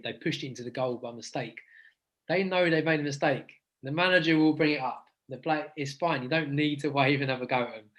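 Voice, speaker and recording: A man's voice: medium pitch, fairly bright tone, rough recording. A man co-hosting a podcast as a youth football coach, talking in a rambling, earnest and encouraging way over a remote call. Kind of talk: casual podcast chat.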